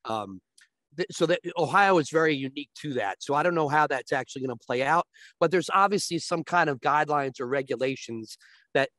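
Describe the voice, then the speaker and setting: A man as a guest on a talk show, explaining sports betting step by step and often checking with a quick "right?". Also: a little high, animated, a bit bright, no echo.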